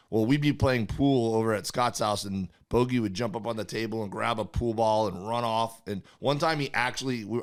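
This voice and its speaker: A man's voice: on the low side, clear, resonant tone. A man co-hosting a comedy podcast, telling a long story in a rambling way, often restarting and searching for words. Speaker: podcast co-host. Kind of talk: casual storytelling chat.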